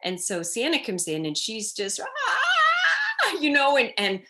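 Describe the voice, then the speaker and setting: Woman, middle-aged, conversational interview, animated storyteller, mid pitch. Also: normal speed. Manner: animated storytelling, acting out children's cries in quotes. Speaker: child development expert guest.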